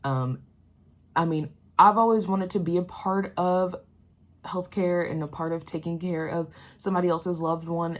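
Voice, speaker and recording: Young woman, low voice, candid casual vlog talk with plenty of fillers. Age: young adult. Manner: candid, emotional, many fillers like "um" and "like". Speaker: healthcare worker vlogger.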